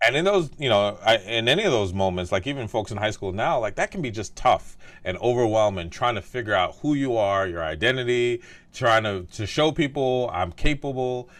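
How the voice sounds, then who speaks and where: A man's voice: medium pitch, expressive, brisk, few pauses, fairly bright tone, no room sound. A man hosting an interview who talks in a thoughtful, casual way, filling his sentences with "like" and "right?". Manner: thoughtful, heavy use of "like" and "right?". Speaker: podcast host, doctor.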